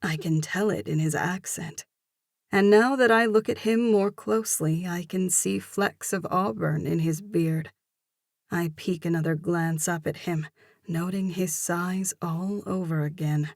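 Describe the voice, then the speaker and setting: Woman narrator, low and gravelly, steady first-person romance reading. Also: a little slow, no echo, clean studio sound. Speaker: audiobook narrator.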